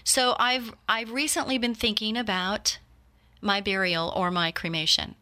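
Bright-voiced earnest woman in her fifties. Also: medium pitch, fairly even intonation, a little slow. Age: 50s. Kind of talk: heartfelt personal talk.

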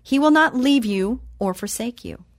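A woman hosting a Christian talk show who reads scripture slowly and with emphasis, then chats casually. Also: a little high, lively intonation, dry recording.

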